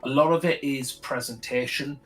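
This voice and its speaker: A man's voice: mid-range voice, fairly even intonation, moderate pace, faint music behind. A man talking eagerly on a hobby stream, packing his speech with "like" and fillers. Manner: eager, filler-heavy, lots of "like". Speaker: guest hobbyist. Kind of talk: casual chat.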